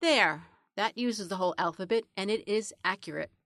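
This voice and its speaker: A woman's voice: mid-range voice, moderate pace, a bit bright, dry recording, close to an everyday voice. Earnest lizard girl, as a woman reads her, plain and matter-of-fact, dry close sound. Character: earnest female lizard, aspiring reporter.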